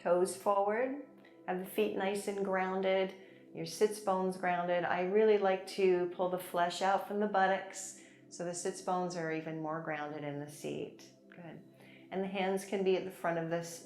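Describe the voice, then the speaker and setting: A woman teaching a chair yoga class, gently guiding breaths and movements with encouragement and light laughs. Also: on the low side, level tone, moderate pace. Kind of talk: guided yoga class instruction. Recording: echoey room with soft music. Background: soft background music.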